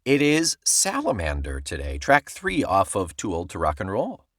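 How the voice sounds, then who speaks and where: A man's voice: low voice, huge pitch swings, normal speed, a bit bright, no echo, clean studio sound. A male podcast co-host in casual chat, reading listener emails aloud and laughing often.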